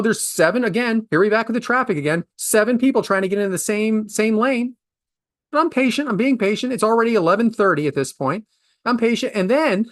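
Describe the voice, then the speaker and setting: A podcast host in his forties, with a fairly bright tone, rants casually through a story in exasperation. His delivery swings from low muttering to high outbursts, and the clean studio recording has no echo.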